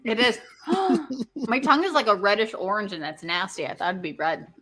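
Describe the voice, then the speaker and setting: A woman co-hosting a casual podcast, excitable and full of fillers as she plays a quick-fire quiz game. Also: mid-range voice. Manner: excitable, lots of fillers and hesitations. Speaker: co-host.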